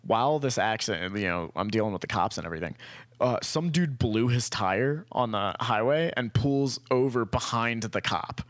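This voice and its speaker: A man's voice: medium pitch, animated, normal speed, no echo, clean studio sound. A young man in casual conversation telling a long story, rambling, swearing freely and acting out what people said. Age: young adult. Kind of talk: casual chat.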